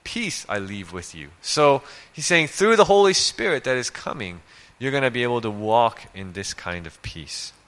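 A man's voice: mid-range voice, animated, normal speed, a bit bright. A male preacher giving a conversational sermon, reading scripture and asking rhetorical questions.

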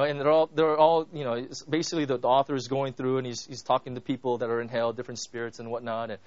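A man's voice: on the high side, dry recording, lo-fi sound. A man preaching a casual, rambling sermon, repeating words and leaning on fillers as he talks. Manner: rambling, repetitive, full of fillers. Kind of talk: conversational sermon.

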